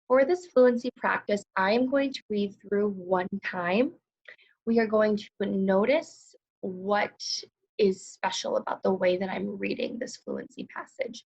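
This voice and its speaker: A young woman teaching a recorded lesson to second graders, speaking slowly, crisply and clearly in an encouraging way. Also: medium pitch. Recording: slightly dull lo-fi recording.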